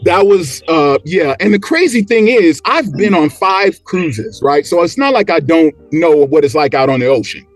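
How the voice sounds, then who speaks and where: A man tells a story on a podcast in a casual, animated way, acting out what people said. His voice sits high and swings widely in pitch. Faint music plays under him. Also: moderate pace, hardly any pauses. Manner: animated, acts out quotes and motions. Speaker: podcast guest.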